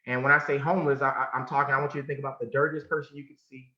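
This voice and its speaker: A man from California giving a motivational talk, telling a personal story with emphasis and sudden drops to a hush. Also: mid-range voice, flat delivery, very fast. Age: adult. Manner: emphatic, swinging from loud to hushed, repeats phrases. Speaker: motivational speaker. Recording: muffled sound in an echoey room.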